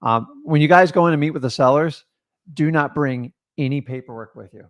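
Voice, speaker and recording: A man's voice: a little high, brisk. A middle-aged man co-hosting a casual real estate coaching chat, earnest and advice-giving, talking straight to viewers. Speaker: co-host, real estate investor.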